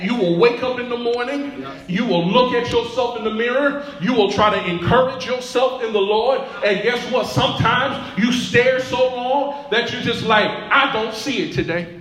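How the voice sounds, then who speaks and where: A pastor preaching a sermon in a church, building through repeated phrases and calls to the congregation. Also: male voice, very high voice, moderate pace, a bit bright. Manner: preaching with rising call-and-response. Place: church sanctuary. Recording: echoey church room.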